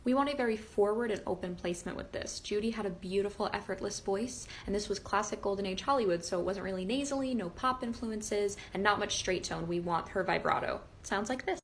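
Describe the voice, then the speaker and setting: With a medium-pitched voice and brisk delivery, a young singer and impressionist rarely pauses as she teaches vocal impressions. Her upbeat tutorial walks through imitating singers step by step, and a little hiss or hum sits under the audio.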